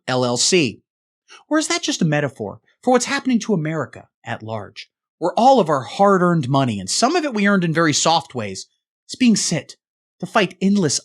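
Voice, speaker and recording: Mock-serious man with lively swings. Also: high-pitched. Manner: mock-serious pundit delivery. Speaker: satirical show host. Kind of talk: satirical political rant.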